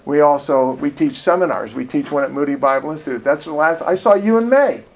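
A man's voice: a little high, lively intonation, brisk, lo-fi sound. Folksy male evangelist preaching from a distance. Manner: folksy, digressive, joking. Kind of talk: sermon. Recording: distant voice, faint noise.

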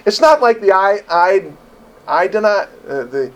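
A man's voice: high voice, unhurried, poor audio. A man preaching a conversational sermon, telling personal stories with laughter and acting out what people said. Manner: storytelling, animated, acts out quotes with laughter. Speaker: pastor.

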